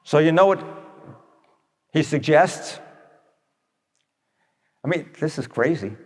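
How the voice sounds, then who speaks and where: Speaking slowly and expressively in a fairly high voice, this man gives a homespun, conversational advice talk of the kind heard on radio. The large hall carries his stories as he addresses the audience head-on and performs people's quotes.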